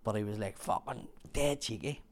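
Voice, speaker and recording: A guest storyteller with a fairly low voice tells a long, rambling story at a moderate pace, swearing often and laughing as he goes. There's slight background noise.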